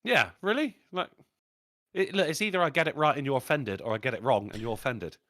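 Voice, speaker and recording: Brisk and medium-pitched, a man co-hosts a casual podcast in a dry, studio-quality recording. He's an animated storyteller sharing pub tales, cursing freely and laughing frequently.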